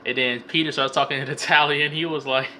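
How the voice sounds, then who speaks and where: A young man recaps a film for his vlog in a casual, profane, comedic ramble, stammering and repeating words. His mid-range voice is steady, fairly quick, and sharp, with a faint hiss or hum in the audio.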